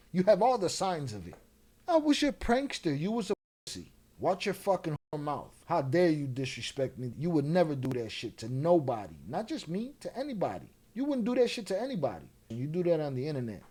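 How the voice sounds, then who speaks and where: A man's voice: fairly high pitch, a little mellow. Profane, taunting man ranting as host. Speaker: channel host. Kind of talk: angry commentary rant.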